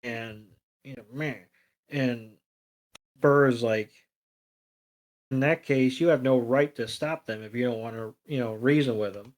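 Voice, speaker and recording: A man's voice: medium pitch, unhurried, pauses often, poor audio. A man co-hosting a podcast, recapping a cartoon episode in crude, sarcastic casual chat. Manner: crude, profane, sarcastic retelling. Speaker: podcast co-host.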